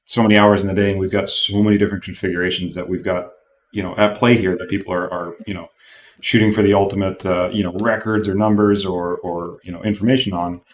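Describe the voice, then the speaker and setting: A man's voice: deep voice, level tone, fast talker. A man co-hosting a casual live Q&A, easygoing and hesitant with many fillers. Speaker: company co-host.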